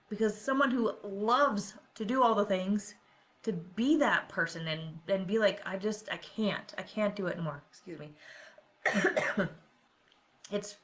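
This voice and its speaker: In this personal podcast monologue, a middle-aged female host and coach talks with a medium-pitched voice that has a little brightness to it. She's open and confessional, frequently tossing in "right?" to check in with listeners.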